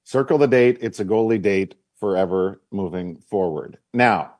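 A man's voice: sits low, moderate pace, darkish tone, no echo, clean studio sound. A man hosting a casual sports talk show, easygoing and leading into promos.

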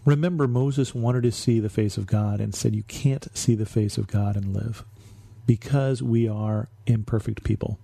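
A man hosting a Bible study podcast, explaining scripture in a reflective way and slowing down for emphasis. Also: fairly low pitch, steady tone, vocal fry, warm tone, no room sound. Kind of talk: Bible teaching.

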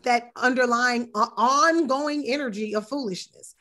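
A woman talking as a guest in casual chat, emphatic and animated, with mocking asides. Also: a little high, measured pace. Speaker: yoga instructor.

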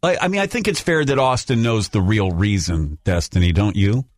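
A man's voice: lowish voice, expressive, normal speed, no echo. A man hosting a radio show, interjecting often and soothing his callers. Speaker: radio host. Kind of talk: morning radio banter. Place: radio studio. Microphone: studio mic.

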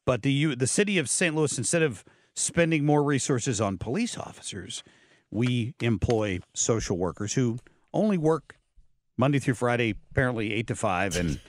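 A man at a close studio microphone hosts opinionated talk radio, sounding blunt and sardonic as he comments on the news and stumbles through fillers and restarts. His pitch is medium, and the dry recording has no echo.

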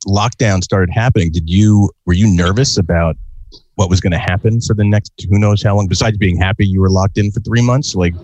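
Male host, low and raspy, dry mic, laid-back interviewer. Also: steady tone, brisk, darkish tone, dry recording, highs cut off. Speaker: podcast host. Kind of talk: casual interview.

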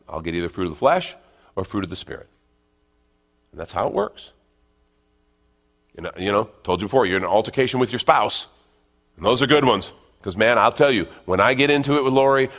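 A middle-aged man delivering a sermon in a somewhat low voice. He preaches with animation, rising to emphatic bursts and sinking to near-murmurs. He plays out inner voices as he goes. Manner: animated preaching, drops to quiet intensity, acts out inner voices. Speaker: pastor.

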